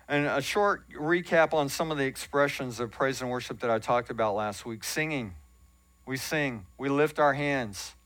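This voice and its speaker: Earnest pastor preaching. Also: male voice, on the high side, a bit bright, no room sound. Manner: conversational and earnest, with self-deprecating asides. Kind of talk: sermon teaching. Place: church sanctuary.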